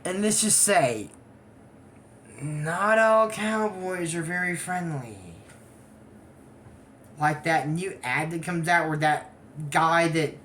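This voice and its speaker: A twenty-something anime episode reviewer gives a casual, rambling recap of a cartoon episode, wandering into digressive asides. The voice is mid-range, slow and fairly bright, with slight background noise.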